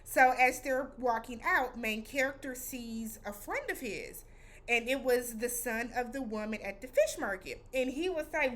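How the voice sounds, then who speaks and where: A woman vlogger retells an episode in a loose, chatty way, full of slang and acted-out reactions. Her voice sits slightly high and stays animated throughout. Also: unhurried. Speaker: vlog host reviewing a TV episode. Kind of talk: casual recap vlog.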